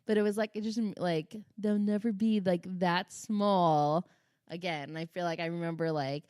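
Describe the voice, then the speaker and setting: A woman's voice: lowish voice, fairly even intonation, normal speed, darkish tone, clear, resonant tone, no room sound, clean studio sound. A woman in her thirties co-hosting a podcast, telling rambling, profane stories in casual chat and laughing often. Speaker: podcast co-host.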